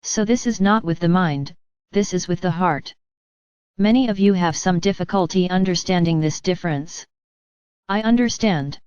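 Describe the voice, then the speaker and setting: Low, smooth-voiced woman channeling a message. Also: moderate pace, no echo, muffled recording. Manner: gentle, patient, addresses listeners as dear ones. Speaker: spiritual channeler.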